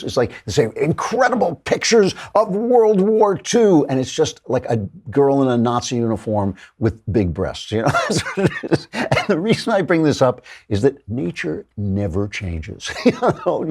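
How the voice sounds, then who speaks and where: A man's voice: on the low side, warm tone. A man hosting an opinion talk show, joking and sardonic, often laughing at his own lines.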